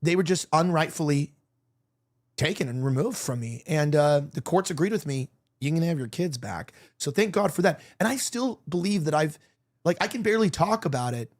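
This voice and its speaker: A man's voice: a little high, animated, brisk. A man hosting a casual opinion show, rambling and emotional, with many restarts and provocative jokes. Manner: provocative joking. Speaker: podcast host.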